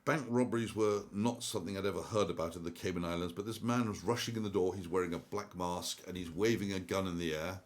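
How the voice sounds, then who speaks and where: A man's voice: sits low, fast talker, few pauses. An older man giving a casual, rambling monologue about markets and an old story, with many ums and restarts. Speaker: investment commentator.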